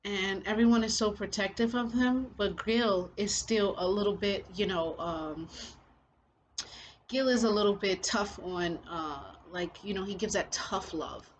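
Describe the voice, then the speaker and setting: A woman's voice: mid-range voice, a little slow, slight background noise, low-quality recording. A woman giving casual spiritual commentary as a vlogger, rambling and leaning heavily on filler phrases. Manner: rambling, heavy on "you know" fillers.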